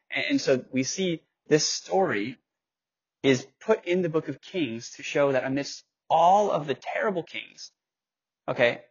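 Casting: young male Bible teacher, casual and conversational, husky tone, dull lo-fi recording. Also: mid-range voice. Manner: loose and conversational, reads scripture aloud with slips and self-corrections.

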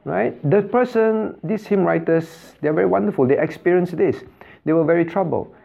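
A man's voice: sits high, normal speed, gravelly, lo-fi sound. A male pastor preaching a sermon, often asking his congregation questions and repeating phrases for emphasis. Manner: asks the congregation frequent rhetorical questions.

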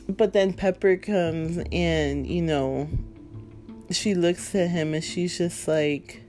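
A movie fan vlogger chats casually and emotionally about a film, rambling with plenty of fillers and laughing through tears. Her voice is fairly low, slow and warm, with soft music playing in the background.

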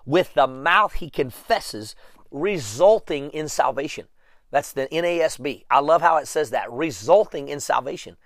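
A man's voice: a little high, lively intonation, normal speed, no echo, clean studio sound. A man preaching a sermon, talking emphatically, repeating phrases over and over as he builds up.

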